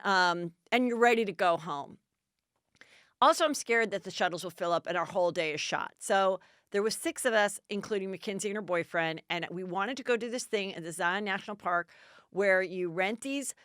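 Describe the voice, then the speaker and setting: A woman's voice: medium pitch, fairly bright tone, clear, resonant tone, no echo, studio quality. A middle-aged woman podcast host telling a story in a casual, chatty way and acting out the dialogue in bursts.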